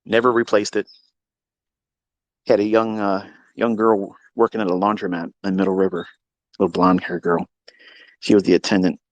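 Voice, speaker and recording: A man hosting a live audio chat, telling a long story in a profane, mocking, animated way. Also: fairly low pitch, normal speed, gravelly, long pauses, no room sound, muffled recording. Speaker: Twitter Space host. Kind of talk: casual storytelling rant. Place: lives in Maryland.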